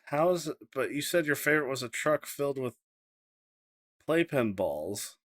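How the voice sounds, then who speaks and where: A man co-hosting a podcast with a lively, bright voice that swings up and down. He talks in a halting, teasing way, and the recording is close and dry. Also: medium pitch, dry recording. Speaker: podcast co-host. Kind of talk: casual podcast chat.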